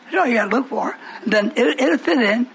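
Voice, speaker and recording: A man preaching a sermon in a church, fervent, breaking into shouts and teasing the congregation. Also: very high voice, animated, brisk, creaky, slight background noise, rough recording.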